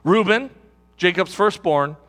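High-pitched preacher guy, forceful and rousing, big church echo. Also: measured pace. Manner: emphatic, rousing, repeats phrases. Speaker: pastor. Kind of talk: sermon.

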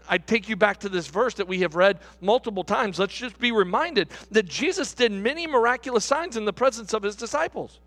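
A male pastor preaching in a lively, sing-song way, his fairly high voice leaping up and down. He restarts phrases and keeps checking in with the congregation. The sound carries a long hall reverb. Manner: animated preaching with repeated restarts and rhetorical asides. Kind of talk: sermon.

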